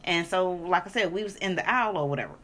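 A woman's voice: fairly low pitch, fast, a bit bright. A woman co-hosting a podcast, telling a story in laid-back, profane casual chat. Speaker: podcast co-host.

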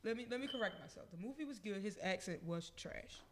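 A man's voice: sits high, lively intonation, fast, noisy background. A man co-hosting a podcast, ranting emphatically and swearing freely. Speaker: podcast co-host. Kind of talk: casual chat.

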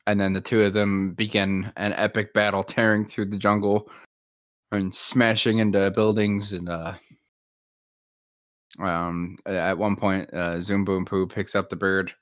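A man's voice: lowish voice, level tone, unhurried, a bit bright, dry recording. A man improvising a silly story in casual chat, playful and laughing often.

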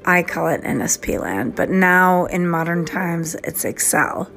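A woman's voice: lowish voice, lively intonation, gravelly, fairly bright tone, a little hiss or hum. A woman from the East Coast of the US, talking over a phone in a rambling personal voice memo that drifts into whispers. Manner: slow, meandering, drifts into whispers. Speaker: podcast host.

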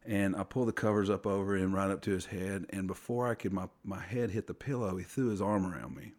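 A middle-aged man telling a personal faith story on a podcast, earnest and halting, often restarting his sentences. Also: low voice, a little mellow. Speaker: podcast guest.

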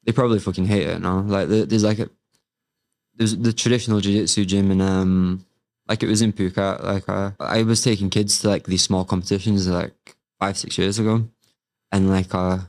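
A man's voice: low voice, fairly even intonation, moderate pace, darkish tone. A man, a grappling coach chatting casually in an interview, rambling with many fillers. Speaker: MMA fighter and grappling coach, guest.

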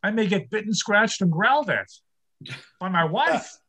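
A man's voice: sits high, animated, moderate pace, bright, forceful tone. An older man performing a stand-up comedy set, telling wry, self-deprecating jokes about his marriage.

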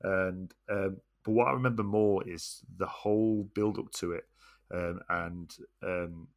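Man in his thirties, very low voice, rambling and reflective. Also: fairly even intonation, a little slow. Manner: short agreeing replies, rambling reminiscence. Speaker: podcast co-host. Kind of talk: casual chat.

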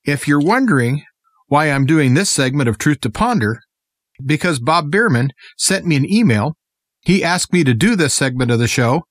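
An American man guest-presents a scripted radio monologue, addressing listeners in an earnest, impassioned political tone. His voice is on the high side and fairly bright, captured in a dry, studio-quality recording.

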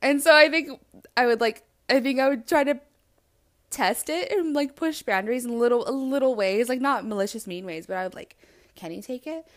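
A woman hosting a podcast, talking alone in a blunt, animated and self-reflective way and swearing freely. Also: fairly high pitch, normal speed. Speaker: podcast host. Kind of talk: candid solo monologue.

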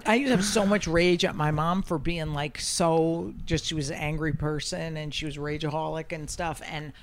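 A comedian hosts a podcast, swearing freely as he tells his stories. He acts out the people in them with lively quoted lines. A faint hiss sits under his voice. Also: on the high side, normal speed. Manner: profane, animated storyteller who acts out quotes. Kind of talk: casual storytelling chat.

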